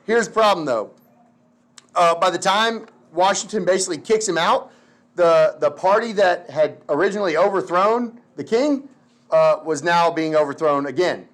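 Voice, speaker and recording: High-pitched guy teaching history, super casual, slangy, keeps saying like. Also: moderate pace. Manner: slangy, animated, lots of "like" and "dude". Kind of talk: casual classroom lecture.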